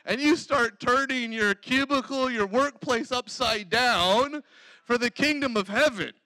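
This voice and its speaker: A male preacher with a strikingly high voice and a gravelly edge, delivering an energetic sermon. He laughs often and breaks into praise. The sound is close and dry. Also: a little slow, no room sound, low-quality recording. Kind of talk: lively sermon.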